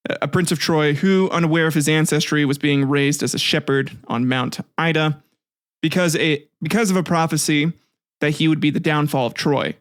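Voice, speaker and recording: Irreverent man with a fairly high voice. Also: fairly bright tone, dry recording, studio quality. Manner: irreverent, swears, laughs at own jokes, restarts often. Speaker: podcast host. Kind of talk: casual history podcast with jokey asides.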